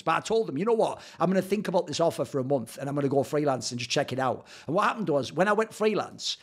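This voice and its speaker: A man in a sarcastic, profane commentary on old tweets, swinging between loud outbursts and low mutters. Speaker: esports commentator and YouTuber.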